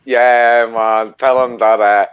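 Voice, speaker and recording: A man's voice: mid-range voice, flat delivery, takes it slowly, clean tone, muffled recording. A man with a mixed British and Australian accent, bantering and swearing.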